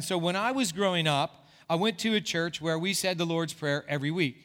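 A man's voice: on the high side, normal speed, hardly any pauses, sharp tone. A man preaching a sermon as a pastor, in an earnest way that repeats words as he builds a point. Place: church sanctuary. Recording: church hall reverb.

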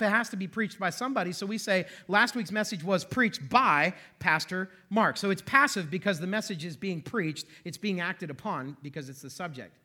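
A man preaching in a church, his voice high and bright. He teaches in a conversational way, slipping in self-deprecating jokes and asides to the congregation. The delivery stays friendly and informal. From western Pennsylvania. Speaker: pastor. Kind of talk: sermon. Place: church sanctuary.

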